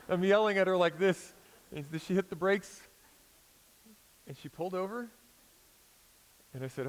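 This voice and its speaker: A man's voice: sits high, fairly quick, pauses often, smooth, rough recording. Storytelling American man preaching a sermon. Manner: conversational storytelling preacher, swings from loud emphasis to quiet intensity. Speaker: pastor.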